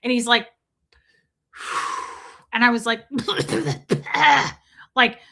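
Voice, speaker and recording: In a somewhat high voice that stretches out her words, a woman streamer tells an animated, casual story, interrupting herself to welcome chat viewers.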